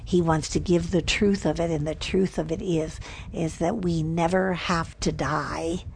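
Slow, gravelly-voiced woman host. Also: deep voice, fairly even intonation, a little mellow, slight background noise. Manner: slow, earnest, drops to near whispers. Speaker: podcast host. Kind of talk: devotional radio talk.

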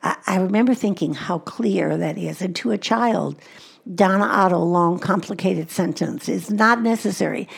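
A woman's voice: lowish voice, normal speed, gravelly, breathy edge. A woman speaking at a conference, teaching mothers about Christian parenting in an earnest way and repeating her key points for emphasis.

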